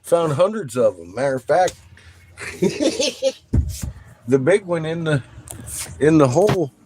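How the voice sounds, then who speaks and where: A middle-aged man rambling excitedly and profanely in a casual monologue, showing off rocks from inside an RV. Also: fairly high pitch, moderate pace, slight background noise.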